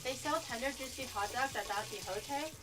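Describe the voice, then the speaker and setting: Cooking on her livestream, this female VTuber talks in a high-pitched voice. She's lively, laughs easily, curses in a relaxed way, and makes jokes at her own expense.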